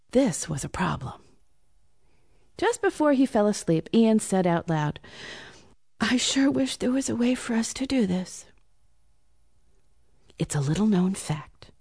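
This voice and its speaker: A woman reading a children's Christmas bedtime story, animated with hushed, whispery asides. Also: mid-range voice, vocal fry, dry recording, clean studio sound.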